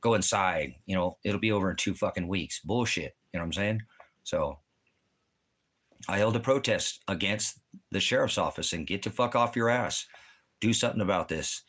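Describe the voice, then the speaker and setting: A man with a somewhat low voice holds forth in a crude, swearing monologue. He rambles and circles back on himself, agitated and repetitive throughout. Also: normal speed, fairly bright tone. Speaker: vlogger. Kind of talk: profane ranting monologue.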